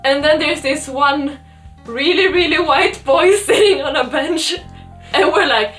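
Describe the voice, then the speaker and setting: A woman's voice: high-pitched, a little slow, faint music behind. Giggly young Swedish woman telling stories. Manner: giggly, lively storyteller. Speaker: podcast co-host. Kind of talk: casual storytelling chat.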